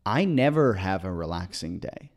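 A man co-hosting a comedy podcast, telling a long story in a casual, excited, rambling way with many restarts. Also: sits low, moderate pace. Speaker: podcast co-host.

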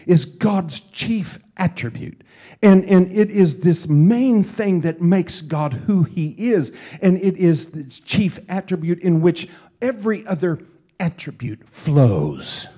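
A man's voice: fairly high pitch, breathy edge. A man preaching a sermon, teaching from scripture, repeating phrases for emphasis. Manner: builds from quiet teaching to loud fervent preaching. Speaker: pastor.

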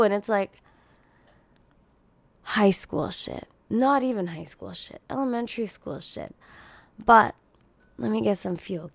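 A woman hosting a casual monologue podcast, blunt and profane, venting with sarcasm in a husky morning voice. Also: mid-range voice, normal speed, darkish tone, dry recording. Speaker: podcast host.

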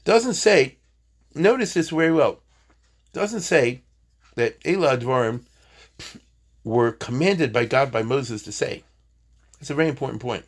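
Guy teaching a torah class, kinda husky, jokes around a lot. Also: medium pitch, animated, measured pace, pauses often. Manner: chatty, joking asides, Hebrew terms. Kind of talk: informal Bible class.

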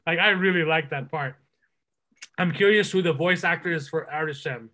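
A man's voice: on the high side, normal speed, pushed and bright. A man hosting a casual movie podcast, rambling enthusiastically with lots of fillers and restarts. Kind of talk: casual movie review chat.

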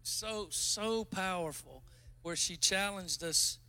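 A male preacher with a high, bright voice, talking to the congregation like a friend over dinner. He jokes at his own expense and then breaks into loud praise. His tone stays forceful and ringing throughout. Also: a little slow, clear, resonant tone. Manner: chatty, self-mocking, bursts into loud exclamations. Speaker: guest pastor. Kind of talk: casual joking sermon.

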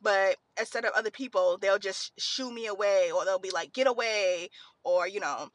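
A woman's voice: mid-range voice, moderate pace, dry recording. A young woman hosting a podcast, telling a heartfelt personal story in a rambling, casual way while tearful, recorded in a car. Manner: rambling, heartfelt, frequent fillers. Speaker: podcast host.

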